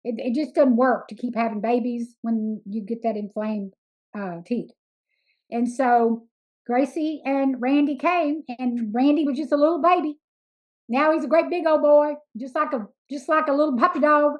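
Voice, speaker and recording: A woman's voice: sits high, moderate pace, poor audio. A middle-aged woman, telling folksy stories in a chatty, emphatic way as an interview guest. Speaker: sanctuary founder, interview guest. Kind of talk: casual storytelling interview.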